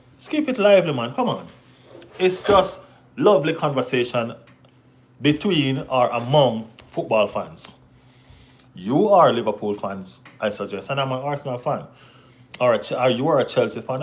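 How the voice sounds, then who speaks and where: A man with a lowish voice hosts a football live stream, reading the chat and answering viewers. He banters casually and often says "you know what I mean".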